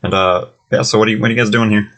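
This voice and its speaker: A man's voice: fairly low pitch, steady tone, racing, a crowd in the background. A man narrating as game master of a tabletop game, loose and full of fillers.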